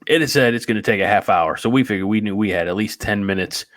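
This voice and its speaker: A man with a fairly low voice, chatting casually as a podcast host. He tells everyday stories at a loose, rambling pace. The sound is dry and close to the mic. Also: fast, a bit bright, no room sound. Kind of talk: casual chat.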